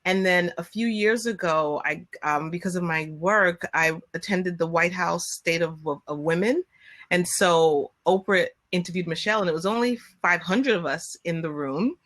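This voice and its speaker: A woman telling a long personal story in casual chat on a video call, acting out what people said. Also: moderate pace. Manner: animated, acts out quotes with rising pitch. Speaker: guest.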